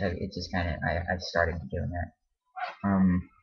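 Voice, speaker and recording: Low husky man rambling in a vlog. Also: level tone, measured pace. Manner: hesitant, full of ums and restarts. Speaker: vlogger. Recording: dull lo-fi home video.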